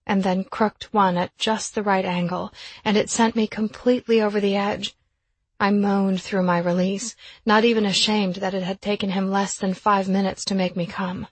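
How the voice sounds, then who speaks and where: A woman reading a first-person romance novel aloud in an intimate, breathy way. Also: mid-range voice, flat delivery, moderate pace, no echo. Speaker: audiobook narrator.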